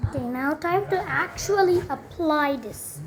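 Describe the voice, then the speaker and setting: A woman's voice: high-pitched, lively intonation, unhurried, a crowd in the background. Chatty young woman explaining math. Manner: chatty, self-interrupting, many fillers. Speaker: math tutor. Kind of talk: casual explaining while writing.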